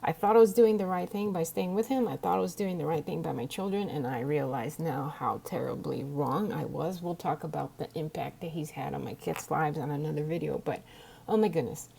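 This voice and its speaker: Middle-aged woman, low gravelly voice, earnest diary vlog, near tears. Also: a little fast, mellow. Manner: earnest, emotional, direct address to viewers. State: close to tears. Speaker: vlogger. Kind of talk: personal video diary.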